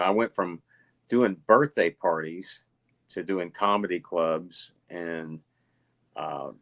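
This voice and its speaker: A middle-aged man with a Southern US accent, telling stories at a relaxed pace with lots of fillers as a guest in an interview. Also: low voice. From Alabama. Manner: rambling, relaxed storytelling with many fillers. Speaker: guest, illusionist. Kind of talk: casual interview chat.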